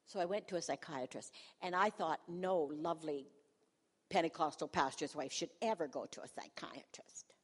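A woman's voice: deep voice, normal speed, slightly rough. A woman in her sixties, a pastor's wife, telling a humorous personal testimony to a congregation in a self-mocking, storytelling manner, in a church hall.

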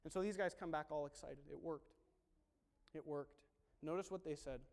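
A man preaching a sermon, acting out dialogue in voices and swinging from quiet talk to shouting. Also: on the high side, fairly even intonation, normal speed, vocal fry, in a large hall.

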